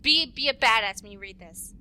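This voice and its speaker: A woman's voice: on the high side, animated, brisk, bright, forceful tone, slight background noise. A woman co-hosting a let's play, chatting and giggling while she plays, sharing her theories aloud. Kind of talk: casual gaming chat.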